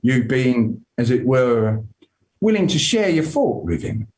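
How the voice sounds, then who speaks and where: An actor playing a humble, chatty palace guard in Elizabethan stage acting, folksy and deferential. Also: male voice, mid-range voice, sing-song, measured pace, darkish tone, roomy sound, poor audio. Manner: deferential, folksy, keeps calling the other man sir.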